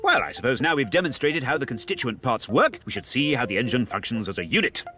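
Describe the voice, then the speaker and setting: An actor playing a fussy, pompous professor in a cartoon, prim and exasperated. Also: male voice, mid-range voice, sing-song, fast, sharp tone. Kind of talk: animated ad voice acting. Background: music.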